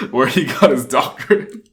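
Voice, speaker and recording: A man's voice: medium pitch, animated, slow pace. A young man co-hosting a podcast in casual chat, rambling and laughing often. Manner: chatty, giggly, rambling with restarts. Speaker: podcast co-host.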